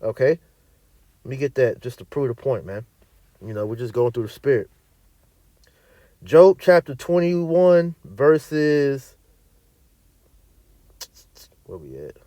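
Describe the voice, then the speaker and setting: With a medium-pitched, mellow voice, this man preaches unhurriedly with long pauses in a dry recording. He teaches scripture emphatically and repetitively, reading archaic-worded verses aloud and tagging points with "all right." Occasionally he mutters away from the microphone while searching.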